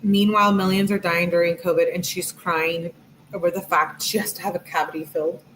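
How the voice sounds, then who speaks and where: A woman's voice: lowish voice, little pitch movement, a little fast, a bit bright, a little hiss or hum. A woman hosting a live stream, giving casual commentary in a sarcastic, mocking way and laughing often.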